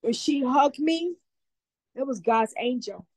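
A woman's voice: sits high, animated, slow, a little mellow, breathy edge, no room sound, poor audio. A woman speaking as a community advocate guest, giving heartfelt, emotional testimony and often repeating herself.

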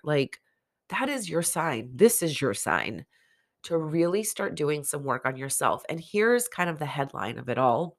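A woman's voice: low-pitched, very animated, unhurried. A woman podcast host, under the weather and nasal, giving candid, encouraging self-help talk in a casual solo monologue.

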